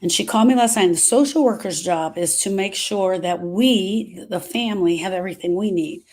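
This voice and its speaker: Give me a middle-aged woman talking to her followers, earnest and confiding, unhurried on the heavy parts. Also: medium pitch, a little mellow. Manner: earnest, confiding, slows down on emotional points. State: emotional, short of breath at moments. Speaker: grief specialist. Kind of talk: personal talk to followers.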